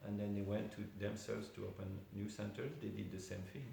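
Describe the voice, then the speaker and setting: A man with a low, gravelly voice gives an informal temple class, telling a story with many asides. His voice rings in a very reverberant hall, and a faint hiss sits under the recording. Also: flat delivery, a little fast, mellow. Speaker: devotee giving a class. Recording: very echoey room with faint hiss.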